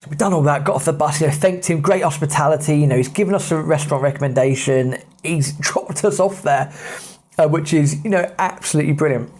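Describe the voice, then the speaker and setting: A man with an English accent, a podcast host telling travel anecdotes in a lively, casual way and laughing often. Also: a little high, quick pace.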